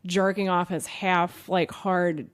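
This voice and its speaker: A woman co-hosting a podcast, telling a story in a lively, animated way full of "like" fillers. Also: lowish voice, takes it slowly. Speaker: podcast co-host. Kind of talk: casual chat.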